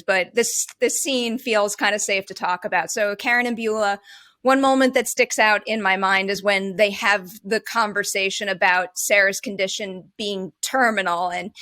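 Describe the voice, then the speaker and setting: A woman interviewing filmmakers and actors, asking lively, engaged questions. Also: medium pitch, dry recording.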